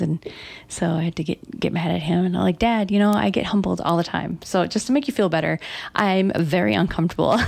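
A woman's voice: medium pitch, vocal fry, a little mellow. A middle-aged woman with a Red Lake Ojibwe accent hosting a radio show, chatting casually and self-deprecatingly with lots of fillers. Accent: Red Lake Ojibwe English. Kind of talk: casual on-air chat.

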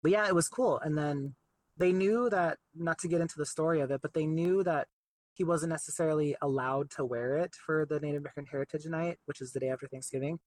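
A young man, an artist guest in an interview, talking in a chatty, relaxed way with plenty of fillers. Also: a little high, fast, no room sound, poor audio. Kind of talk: casual interview.

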